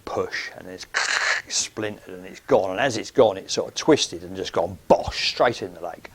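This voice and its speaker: A man's voice: low voice, moderate pace, slightly rough. A middle-aged man, telling a rambling, chatty anecdote full of ums on his podcast. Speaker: podcast host. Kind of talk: anecdotal storytelling.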